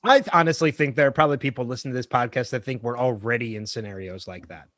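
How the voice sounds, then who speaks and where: A man's voice: medium pitch, very fast, no room sound, studio quality. A man co-hosting a podcast in casual chat, rambling and correcting himself as he theorizes. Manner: animated, rambling, self-correcting. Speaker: podcast co-host.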